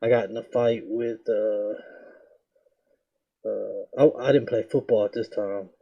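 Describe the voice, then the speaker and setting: A young man casually telling a story about his school days, slangy and animated, jumping into a higher voice to act out what people said. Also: unhurried, creaky, muffled recording. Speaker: reaction video host.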